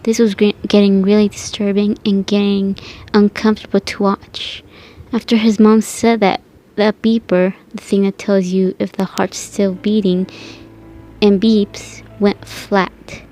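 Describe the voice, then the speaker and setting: A woman's voice: mid-range voice, little pitch movement, measured pace, warm tone. A woman narrating a creepypasta story in a plain reading voice, with occasional slips and restarts.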